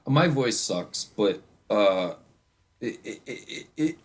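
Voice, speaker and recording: A man's voice: on the low side, animated, slow pace, husky. A man in a casual podcast chat, talking bluntly with profanity and trailing fillers. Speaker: podcast co-host.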